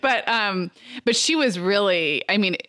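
A woman's voice: medium pitch, lively intonation, unhurried, a bit bright, clean tone, no room sound, studio quality. A woman in her thirties co-hosting a podcast, chatting casually and telling stories with frequent fillers. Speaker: podcast co-host. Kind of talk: casual chat.

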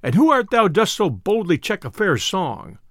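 A man's voice: high-pitched, wildly swooping pitch, normal speed, no room sound, studio quality, full character voice. A man reading aloud, voicing a boisterous, boastful male tinker in an audiobook tale. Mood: blustering. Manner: loud, boastful old-style speech.

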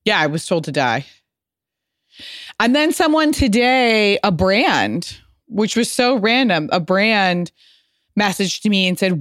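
A woman hosting a casual interview, chatty and quick to laugh. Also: medium pitch, big pitch swings, fairly bright tone, dry recording. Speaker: podcast host. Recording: dry close mic.

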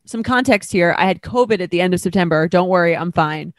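A woman co-hosting a casual chat, talking quickly and loosely with many fillers, and reading a letter aloud. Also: on the low side, no echo. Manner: chatty, lots of "like" fillers. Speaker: podcast co-host.

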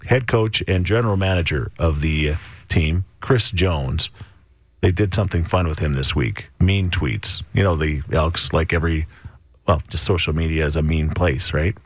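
A man's voice: a bass voice, moderate pace, no echo. A man hosting a radio morning show, chatting casually and agreeably, laughing often.

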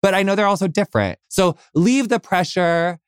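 A man's voice: high-pitched, moderate pace, clean tone, no room sound, studio quality. An American man hosting a podcast interview, gushing and effusive, full of fillers and casual swearing. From United States. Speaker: podcast host.

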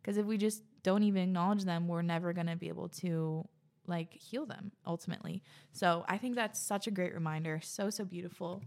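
A woman's voice: fairly low pitch, brisk, a little mellow. A woman hosting a podcast in a casual, gushing way, reading listener letters and reacting with lots of "like". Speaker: podcast host.

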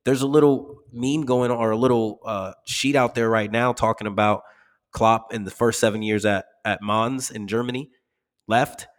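A man's voice: lowish voice, fairly even intonation, normal speed. Profane laughing man, reverby room. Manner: blunt, profane, laughing often. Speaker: podcast co-host. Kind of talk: casual sports podcast chat.

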